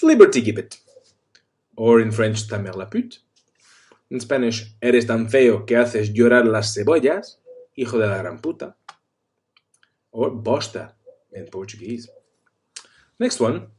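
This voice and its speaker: A man giving a casual spoken lesson, delivering insults and their translations in a wry, deadpan way. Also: mid-range voice, measured pace, pauses often. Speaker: language tutor.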